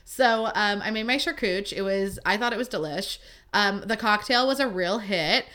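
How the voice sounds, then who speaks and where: Bright-voiced chatty young woman podcaster. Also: medium pitch, normal speed. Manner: chatty, lively, peppered with "like" and swearing. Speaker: podcast host. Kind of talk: casual storytelling monologue.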